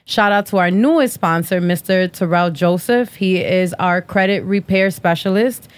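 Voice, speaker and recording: A woman's voice: lowish voice, moderate pace, no room sound. Blunt, profane woman podcast host. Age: 30s. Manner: blunt, profane, sassy trash talk. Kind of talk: casual podcast chat with sponsor reads.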